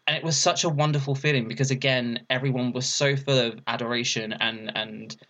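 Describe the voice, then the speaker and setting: An animated young man tells his story as an interview guest. He laughs often and raises his voice high whenever he acts out what someone said. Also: fairly quick. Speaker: interview guest, burlesque performer.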